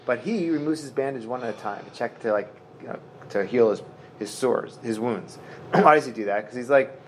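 A man's voice: medium pitch, normal speed, slight background noise. A man teaching a Talmud lesson in a loose, chatty way, reading Aramaic phrases and retelling them in plain slang with many fillers. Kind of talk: casual Talmud class.

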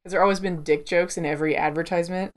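A woman's voice: fairly low pitch, steady tone, rapid-fire. A woman co-hosting a podcast in casual chat, playful and swearing. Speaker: podcast co-host.

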